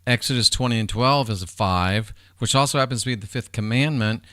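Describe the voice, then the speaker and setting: A man's voice: medium pitch, fairly quick, fairly bright tone, no echo, studio quality. A man hosting a livestream, rambling casually and with profanity as he talks straight to his chat viewers. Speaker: livestream host.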